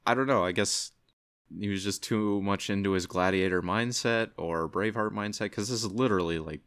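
A man's voice: on the low side, a little fast, a bit bright, clean tone, no room sound, clean studio sound. A man co-hosting a casual movie podcast, rambling and hesitant, often trailing off with "I don't know.". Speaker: podcast co-host. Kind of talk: casual movie review chat.

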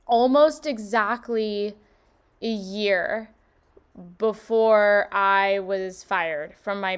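A woman's voice: mid-range voice, clear, resonant tone. Bubbly young woman hosting a podcast. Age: 20s. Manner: bubbly and effusive, gushing with wonder. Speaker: podcast host. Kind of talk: casual solo podcast monologue.

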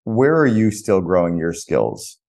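A man's voice: low voice, wildly swooping pitch, unhurried, gravelly, darkish tone. A man hosting an interview podcast, casual and blunt, swearing freely as he asks questions. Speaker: podcast host. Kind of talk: conversational interview.

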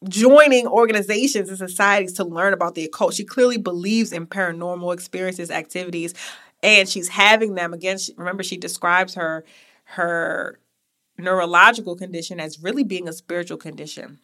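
Young woman podcast host, bright tone, casual digressive storyteller. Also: on the low side, a little fast. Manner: chatty, digressive, with asides to listeners.

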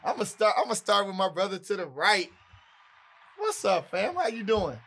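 A man's voice: sits high, very animated, moderate pace, bright, forceful tone, slightly rough. A man with a Chicago accent hosting a casual panel interview with lots of hype-man energy. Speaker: host.

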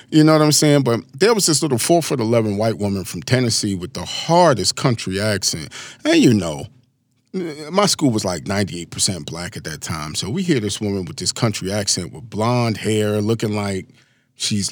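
A man in his forties gives a casual motivational talk with an animated, storytelling delivery. His pitch swoops and climbs constantly as he wanders into asides. The recording is close and dry, with no room sound. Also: moderate pace, no echo. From Maryland, USA. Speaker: motivational speaker.

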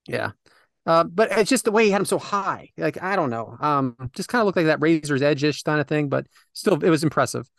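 A man's voice: on the high side, expressive, a little fast, vocal fry, fairly bright tone, dry recording, studio quality. A man hosting a casual podcast, loose and joking, laughing often and cursing casually. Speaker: podcast host.

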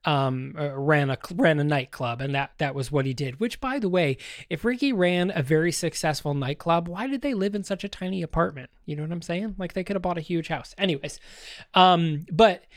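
A man hosts a podcast, chatting loosely with plenty of fillers and restarts, now and then cracking jokes aimed right at the listener. His voice sits a bit high for a man. The sound is close and dry, with no room echo. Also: a little fast. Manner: rambling, many fillers and restarts; addresses listeners directly, joking. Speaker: podcast host. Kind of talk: casual commentary on a TV series.

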